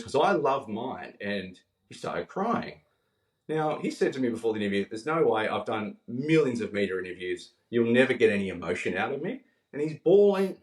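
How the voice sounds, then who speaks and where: A man's voice: mid-range voice, a little mellow. Earnest man, distant and roomy. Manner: earnest, heartfelt, quoting others as he tells stories. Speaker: podcast guest. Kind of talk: emotional storytelling in conversation.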